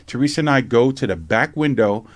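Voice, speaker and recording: A man telling a lively personal story in casual conversation, acting out other people's lines and swearing casually. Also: mid-range voice, a little fast, no room sound. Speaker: podcast host and memoir author.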